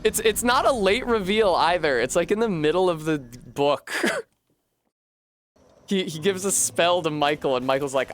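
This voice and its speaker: A man's voice: a little high, a little slow, a bit bright, slight background noise. A man streaming a video game, rambling through profane, joking retellings of a book. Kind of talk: casual gameplay chat.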